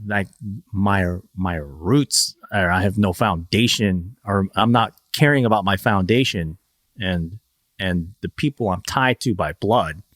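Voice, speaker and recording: A man's voice: deep voice, measured pace, fairly bright tone, no room sound, clean studio sound. A man from Northern Virginia, a podcast guest in casual conversation, rambling, laughing often and acting out quoted voices.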